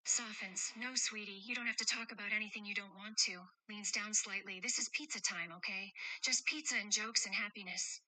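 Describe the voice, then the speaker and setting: Woman playing a gentle, teasing guardian of two kids, bright dry voice, reads her own actions aloud. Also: medium pitch, fairly even intonation, normal speed, hardly any pauses, dry recording, rough recording. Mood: tender, playful. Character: caring adult woman protecting two children. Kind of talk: role-play chat read aloud with stage directions.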